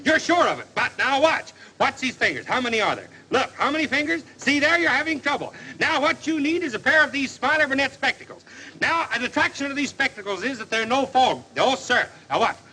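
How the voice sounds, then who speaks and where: Brief: folksy film-western huckster selling specs, very high, bouncy voice. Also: male voice, expressive, bright, forceful tone, a little hiss or hum, exaggerated voice, low-quality recording. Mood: cheery. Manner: folksy fast-patter sales pitch, sings comic jingles. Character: jolly male huckster hawking spectacles, folksy and joking. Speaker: traveling spectacles salesman. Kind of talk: 1940s western film acting.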